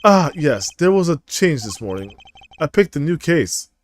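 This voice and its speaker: A man voicing a calm, sly middle-aged male lawyer mentor from a video game, read in an offhand way. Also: a little high, normal speed, no echo.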